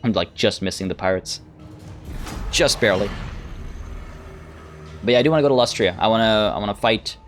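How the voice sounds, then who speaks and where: A man's voice: fairly low pitch, a little fast, long pauses, soft background music. A man narrating his own strategy game, thinking aloud in a hesitant, musing way. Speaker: let's play host. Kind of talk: gameplay commentary.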